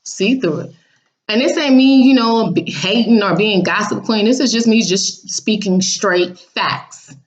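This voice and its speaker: A woman's voice: medium pitch, a little slow, muffled recording. A woman casually telling her viewers about a dream, blunt and sassy, acting out what people said in raised voices. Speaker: vlogger recounting a dream.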